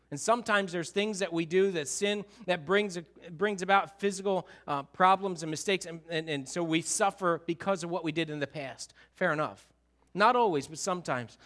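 A male pastor preaching a sermon in a church, telling the story with animated swings from loud to soft. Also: sits high. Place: church sanctuary.

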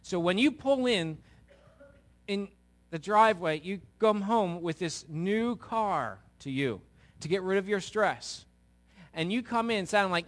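A man's voice: high voice, measured pace. A middle-aged man preaching a sermon to a live congregation, asking the audience questions and acting out quotes. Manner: animated, asks the audience questions, acts out quotes.

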